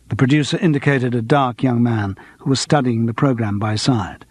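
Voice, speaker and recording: A man narrating a cozy mystery audiobook in a measured, dry manner. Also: mid-range voice, husky, no echo. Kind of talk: scripted narration.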